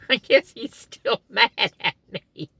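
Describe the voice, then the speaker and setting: Woman, middle-aged, bright clear voice, folksy storyteller, chuckles, dry close sound in a car. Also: on the high side, lively intonation, extremely slow, no room sound. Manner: folksy, chuckling while telling stories. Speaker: vlogger. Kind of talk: casual storytelling.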